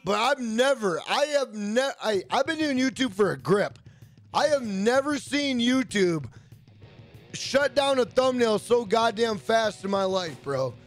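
Faint music plays behind this man as he live-streams a game, his very high voice animated but measured in pace. Rambling and jokey, he curses casually and reads viewers' messages out loud, as a gaming streamer does.

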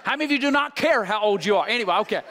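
A male guest preacher giving a revival sermon, folksy and joking, swinging from loud exhortation to hushed intensity. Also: high-pitched, expressive, racing.

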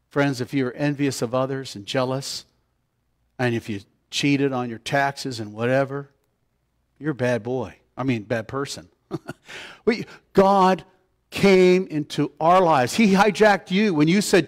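A man preaching a conversational sermon to his church, swinging between loud emphatic lines and soft low asides. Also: measured pace. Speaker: pastor.

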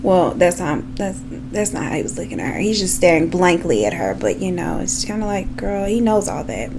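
A woman's voice: fairly low pitch, lively intonation, normal speed, gravelly, noisy background. A woman telling a true crime story in a casual, chatty way, with frequent asides to her viewers. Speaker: true crime makeup vlogger.

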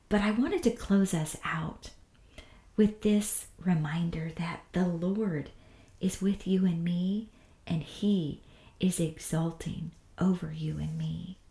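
Woman Bible teacher, slow and mellow, soft whispery devotional delivery, echoey room. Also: lowish voice.

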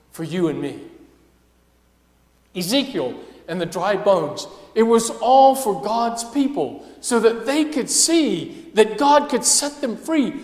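A male pastor preaching a sermon with passion, dropping to a hush and then rising to loud emphasis. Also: extremely high pitch. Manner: impassioned preaching, swinging between hushed and loud. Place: church sanctuary. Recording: echoey church hall.

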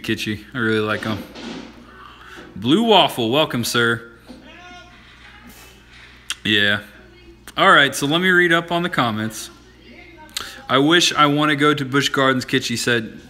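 A man hosts a casual livestream from his house, talking to viewers in a friendly, meandering way. His voice is very bright and forceful at a middling pitch, and he pokes fun at himself as he goes. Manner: rambling, friendly, self-deprecating. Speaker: livestream host. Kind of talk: casual live-stream chat. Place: at home.

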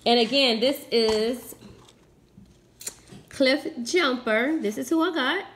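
Brief: woman, family-channel mom, toy unboxing, talks to the camera, whiny, a bit high, faint hiss behind her. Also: slow pace, a bit bright. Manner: chatty, addresses viewers as guys. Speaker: mother showing toys on a family channel.

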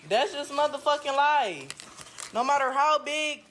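A woman's voice: high voice, lively intonation, measured pace, a bit bright, slight background noise. A drunk woman ranting on a home livestream, brash and taunting, repeating her jabs over and over. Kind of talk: livestream rant. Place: home bedroom, indoors.

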